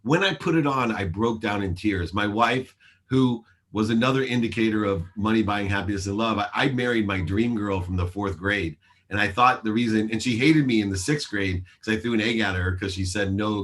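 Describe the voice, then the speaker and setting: A man in his forties speaks in a somewhat low voice as he tells a personal story in an interview. He talks earnestly and with emphasis, acting out the dialogue he quotes. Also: fairly bright tone. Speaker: show host telling his life story.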